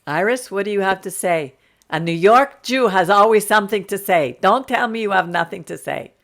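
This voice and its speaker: A woman's voice: medium pitch, moderate pace, fairly bright tone. A woman hosting an informal Torah class over a video call, speaking in an earnest, encouraging, preaching way.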